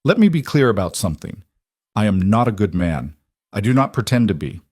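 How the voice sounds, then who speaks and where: A man voicing a cold, commanding middle-aged crime boss with an Italian accent, speaking deliberately and with quiet menace. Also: fairly low pitch, big pitch swings, breathy edge, dry recording, clean studio sound. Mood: menacing.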